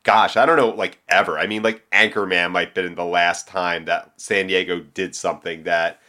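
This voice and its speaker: Low-voiced man chatting casually. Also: flat delivery, moderate pace, bright, forceful tone. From Philadelphia area. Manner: rambling, lots of "like" fillers, laughs easily. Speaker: podcast guest. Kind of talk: casual sports chat.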